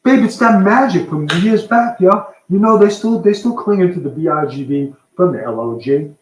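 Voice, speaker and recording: A man hosting a podcast with his wife, teasing her in a laid-back, deadpan way. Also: high-pitched, moderate pace, slight background noise. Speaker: podcast host. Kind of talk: casual couple banter. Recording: roomy echo.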